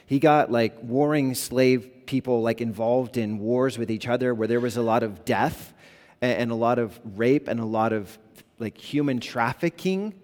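A man's voice: medium pitch, normal speed, a little mellow, big-room sound. A man in his thirties preaching a sermon, talking casually and telling stories with many "like"s and "you know"s. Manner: conversational, storytelling, many fillers. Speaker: pastor.

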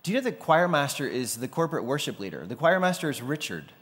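A man's voice: medium pitch, big pitch swings, fast talker, a bit bright. A man preaching a sermon in a loose, conversational way, sometimes acting out the people he quotes. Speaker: pastor. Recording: long hall reverb.

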